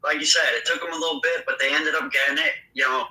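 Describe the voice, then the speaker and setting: A man co-hosting a podcast, giving relaxed, offhand opinions with fillers. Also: a little high, fast, echoey room, recorded from a distance, poor audio. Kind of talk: casual recap chat.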